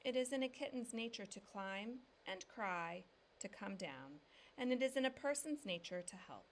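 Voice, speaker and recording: A woman's voice: medium pitch, expressive, moderate pace, a little hiss or hum, close to an everyday voice. A woman voicing a kindly, wise old father who quotes proverbs and calls out with joy. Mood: gentle. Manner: sage, proverb-quoting, exclaiming with joy.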